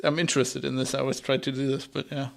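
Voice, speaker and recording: A man's voice: mid-range voice, level tone, fast, creaky. A man from Germany speaking English, chatting casually as a podcast host and laughing easily. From rural Germany.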